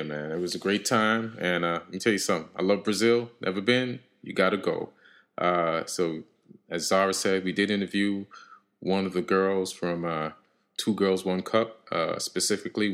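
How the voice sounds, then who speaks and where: A man's voice: deep voice, a bit bright. A man co-hosting a podcast, playing it blunt and profane in an improvised comedy sketch. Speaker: podcast co-host.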